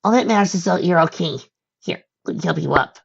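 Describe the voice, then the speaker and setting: A man voicing a young male pony, frantic and devoted to his brother, in a shrill high voice. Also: fairly quick, gravelly, slightly rough, dull audio. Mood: gentle.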